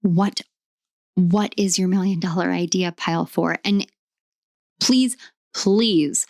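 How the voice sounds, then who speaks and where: Slow, emphatic woman reading tarot. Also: lowish voice, creaky, no echo, studio quality. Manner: slow, emphatic, repetitive affirmations. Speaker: tarot reader.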